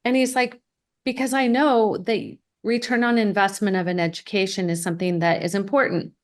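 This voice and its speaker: A woman's voice: medium pitch, steady tone, normal speed. A woman hosting a podcast interview, telling an anecdote and acting out the people in it. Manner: storytelling, acts out quoted voices. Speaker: podcast host, college advisor. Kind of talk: conversational interview.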